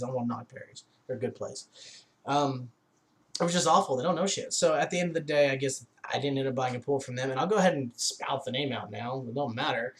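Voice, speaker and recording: A man casually recounting a bad shopping experience, exasperated, swearing freely and acting out both sides of the conversation. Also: medium pitch. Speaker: vlogger telling a customer story. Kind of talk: casual storytelling monologue.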